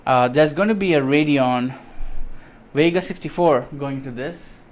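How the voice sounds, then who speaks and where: A man's voice: a little high, unhurried. A man vlogging an unboxing of computer parts in enthusiastic, rambling casual chat, with many ums and restarts. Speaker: tech vlogger.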